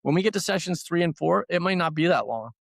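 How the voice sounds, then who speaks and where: A man with a gravelly, creaky voice explains his therapy work in a casual podcast chat. He talks conversationally and often repeats words for emphasis. The sound is close and dry, with no room echo. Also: fairly high pitch, expressive, fast talker. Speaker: trauma therapy practitioner.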